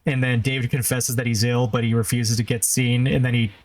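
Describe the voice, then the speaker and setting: A man's voice: mid-range voice, flat delivery, brisk, dry recording. Laid-back man recapping in casual chat. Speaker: podcast co-host.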